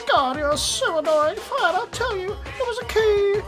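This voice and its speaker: A shrill, sneering cartoon bear. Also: male voice, expressive, unhurried, over loud music. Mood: irritated. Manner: sneering, exasperated ranting. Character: mocking male cartoon bear, snide and impatient. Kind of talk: fan voicing of a game character.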